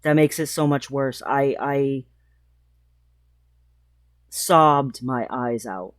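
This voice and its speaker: A woman's voice: very deep voice, no room sound. Emotional trans woman vlogger, dry close mic. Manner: emotional, halting, many restarts. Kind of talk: personal vlog storytelling.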